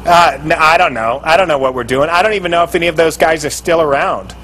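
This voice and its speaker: A man's voice: on the high side, fast, a bit bright, soft background music, low-quality recording. A man guesting on a call-in show, talking bluntly and candidly and laughing easily. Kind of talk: casual call-in chat.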